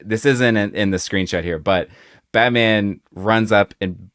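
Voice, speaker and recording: Seorang pria membawakan podcast bersama, membahas komik dengan santai dan sering ragu memakai kata pengisi. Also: male voice, lowish voice, a little slow. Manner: relaxed, hesitant with fillers, retells scenes. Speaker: podcast co-host. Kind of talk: casual comic book discussion.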